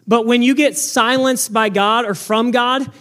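Male pastor, very high voice, loud and earnest, preaching into a mic, frequent restarts. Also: fairly even intonation, a little slow. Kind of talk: sermon. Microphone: microphone.

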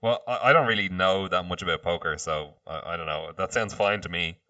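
Deep voiced guy, sharp tone, sounds a bit far from the mic, chill remarks. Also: fairly quick, dry recording, lo-fi sound. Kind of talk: casual chat.

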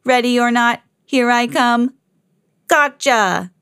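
A proud robot cat , put on by a woman reading a storybook, speaks at a deliberate, mechanical pace. Each word comes out flat and careful, a little lower than her usual voice, recorded close and dry. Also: clean tone, dry recording. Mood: counting. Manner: slow, even robotic delivery. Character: proud male robot cat, literal and tireless.

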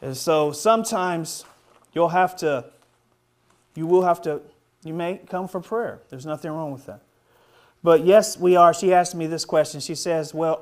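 A man with a high voice preaches to his congregation. He is fervent and builds to exclaimed hallelujahs, then eases down when he explains. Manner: ends in a soft, low closing prayer. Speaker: pastor. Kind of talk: sermon.

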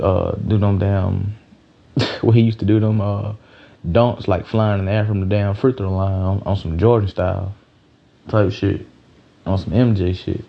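Male sports host, gravelly and low, rambling and profane, dull lo-fi recording. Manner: rambling, loose and profane, many restarts. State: a little tired. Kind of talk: casual sports talk.

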